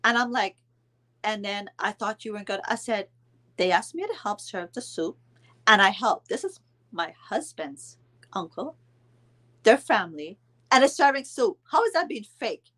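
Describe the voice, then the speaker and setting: A woman's voice: mid-range voice, normal speed, long pauses. Middle-aged woman ranting through a storytime vlog, voice swings up and down a lot, fired up and indignant. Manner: animated, indignant retelling with quoted dialogue and mild cursing. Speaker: storyteller vlogger.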